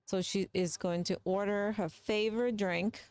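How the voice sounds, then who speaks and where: A woman's voice: medium pitch, steady tone, unhurried, darkish tone, smooth, no echo. A young adult woman hosting a gaming video, giving chatty, playful, gossipy commentary into a close mic. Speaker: gaming channel host. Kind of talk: casual game commentary.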